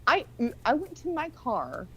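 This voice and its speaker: A woman's voice: high-pitched, unhurried, poor audio. A woman in her forties telling a long rambling story in casual chat, swearing often. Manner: rambling, profane, animated storyteller.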